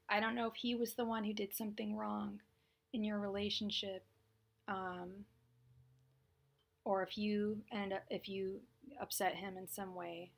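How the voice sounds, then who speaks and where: A woman hosts a live tarot reading, talking in a loose, rambling way. She fills her sentences with restarts and "like." Her voice has a slight gravelly fry. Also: medium pitch, a bit bright. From California. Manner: chatty, rambling, many fillers and restarts. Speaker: tarot reader.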